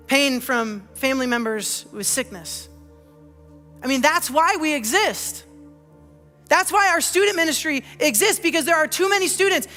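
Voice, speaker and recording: A high, bright-voiced pastor delivers an earnest sermon full of personal asides and rhetorical questions. The voice rings out in a church hall with long reverb, and soft music plays underneath. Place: church auditorium.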